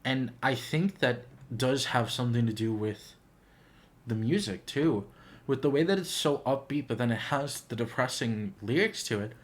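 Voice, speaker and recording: A man's voice: medium pitch, animated, normal speed. A man hosting a casual reaction video, talking in an earnest, heartfelt, gushing way. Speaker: YouTube reaction host.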